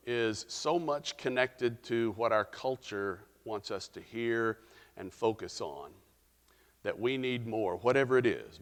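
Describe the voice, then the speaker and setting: Middle-aged male pastor, lower voice, unhurried reflective sermon delivery with pauses, reverberant sanctuary sound. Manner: storytelling, reflective, with frequent pauses.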